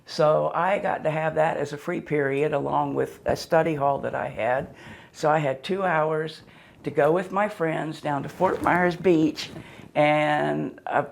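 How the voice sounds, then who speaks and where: A woman's voice: low-pitched, steady tone, measured pace, creaky, slight background noise. A woman in her seventies, born in Pennsylvania and raised in Florida, telling wry, rambling stories as an interview guest. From born in Pennsylvania, raised in southwest Florida. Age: 70s. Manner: wry and joking, rambling with restarts. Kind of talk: casual storytelling.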